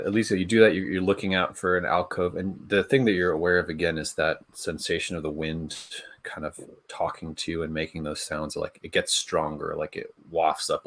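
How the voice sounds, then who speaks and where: Acting as game master for a tabletop role-playing game, a man narrates in a bass voice that is a bit bright and husky. He searches for words, restarting often and using many fillers.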